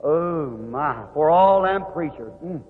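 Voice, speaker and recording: Folksy Southern Indiana preacher on old tape. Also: male voice, on the high side, takes it slowly. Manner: folksy, animated storytelling with rising fervor. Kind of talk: sermon storytelling. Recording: scratchy archival tape of a distant hall with telephone-like sound.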